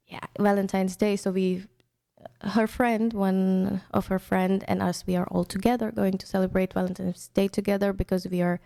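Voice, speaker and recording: A woman's voice: medium pitch, creaky, dark tone. A young woman from India, hosting an internet radio show in casual, chatty storytelling talk with many restarts.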